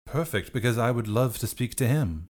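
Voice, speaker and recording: A man's voice: medium pitch, expressive, moderate pace. A man playing a tabletop role-playing game, chatting casually and thinking aloud about his character. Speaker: player.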